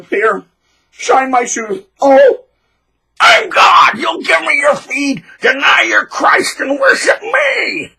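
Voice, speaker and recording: A man mimicking a gloating, grandiose narcissist bully who shouts with manic glee. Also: very high-pitched, gravelly, slightly rough, voice pushed up, full character voice. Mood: grandiose ranting.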